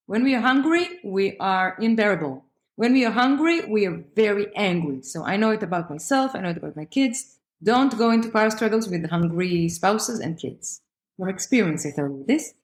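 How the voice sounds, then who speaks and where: Animated woman guest in an echoey room. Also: mid-range voice. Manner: animated, emphatic, acts out quoted voices. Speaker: parenting expert guest. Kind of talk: conversational podcast interview. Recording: roomy echo.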